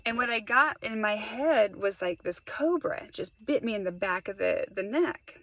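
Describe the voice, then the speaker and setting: A woman's voice: a little high, lively intonation, normal speed, no room sound. A woman recounting a spiritual awakening in earnest, emphatic testimony, often repeating words for weight. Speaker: spiritual vlogger. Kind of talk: personal testimony. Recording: dry, slightly muffled sound.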